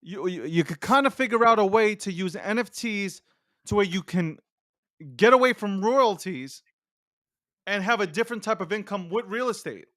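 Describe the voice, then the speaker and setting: A man hosting a casual talk show, blunt, profane and excitable. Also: high voice, normal speed, dry recording, clean studio sound. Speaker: podcast host. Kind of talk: casual chat.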